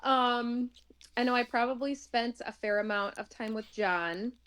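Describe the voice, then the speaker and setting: A woman's voice: a little high, a little slow, a bit bright, clear, resonant tone. A woman talking casually as an interview guest, chatty and laughing often, with many fillers.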